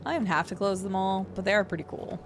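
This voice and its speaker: A woman's voice: medium pitch, very fast, a little hiss or hum. A woman streamer giving casual, playful commentary while she plays a video game, chatting to viewers and humming sing-song filler noises. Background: game music.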